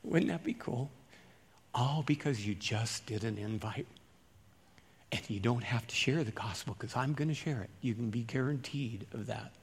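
A folksy male pastor gives a sermon in an easygoing, chatty manner. He swings from loud, emphatic bursts to hushed asides. His voice sits at an ordinary middle pitch. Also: moderate pace, husky.

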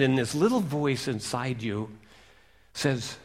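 A middle-aged man preaching a sermon, reading scripture with emphasis and dropping to hushed asides. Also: mid-range voice, very animated, moderate pace. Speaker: pastor.

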